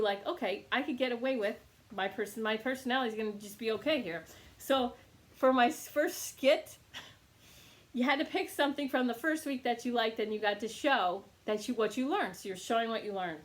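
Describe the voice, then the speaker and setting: A woman reiki teacher telling a casual teaching anecdote, animated and laughing often. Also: on the high side. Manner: animated storytelling with frequent laughs.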